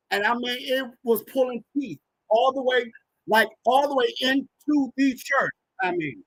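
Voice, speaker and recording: Husky-voiced man in his thirties telling stories. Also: very high voice, moderate pace, no echo, rough recording. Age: 30s. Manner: animated, acts out quoted dialogue. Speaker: guest, organizational psychologist and author. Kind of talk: personal storytelling in a conversation.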